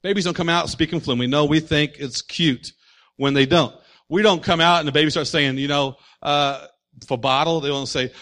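Man, pastor, sermon, somewhat high voice, lively rhetorical questions. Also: normal speed. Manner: animated, full of rhetorical questions to the congregation.

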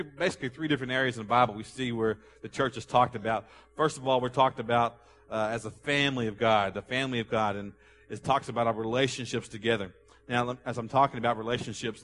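A man pastor preaching a sermon to his congregation, asking questions for them to answer and reading scripture aloud slowly with emphasis. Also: mid-range voice, a bit bright. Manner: call-and-response questions to the congregation. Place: church sanctuary. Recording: long hall reverb.

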